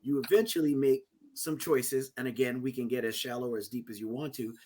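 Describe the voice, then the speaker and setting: Male interviewer, mid-pitched, measured and careful, sums things up before each question. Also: fairly even intonation, background noise. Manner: measured, summarizing before asking. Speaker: podcast host.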